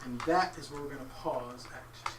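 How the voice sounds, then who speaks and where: A man narrating as game master of a tabletop game, halting with many fillers and restarts. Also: medium pitch. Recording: echoey room, distant mic, faint noise.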